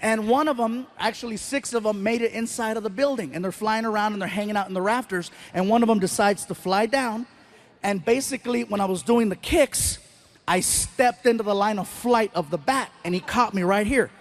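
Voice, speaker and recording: A man performing stand-up, telling an animated, self-deprecating story with quick asides. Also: sits high. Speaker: stand-up comedian.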